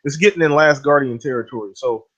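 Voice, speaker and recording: A man's voice: a little high, fast talker, a bit bright. A man co-hosting a casual gaming podcast, speaking bluntly with swearing and laid-back ranting. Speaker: podcast co-host. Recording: dull lo-fi audio.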